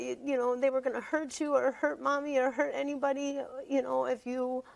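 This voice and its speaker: A woman's voice: high voice, vocal fry, a little mellow, rough recording. A woman appearing as a guest on a talk show, telling her story emotionally and rambling, repeating herself.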